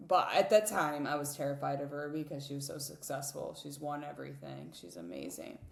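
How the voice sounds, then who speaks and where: A woman in her thirties, a cyclist guest on a podcast, telling emotional stories in a candid, animated way with many fillers and restarts. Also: sits low, a little fast, creaky. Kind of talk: emotional storytelling in a podcast interview. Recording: roomy reverberant sound.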